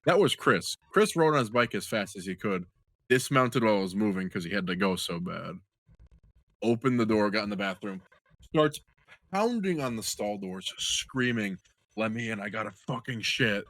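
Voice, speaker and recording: A young man co-hosting a podcast, telling a long crude anecdote in an animated, joking way. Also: lowish voice, normal speed, no room sound. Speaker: podcast co-host. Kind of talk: casual storytelling chat.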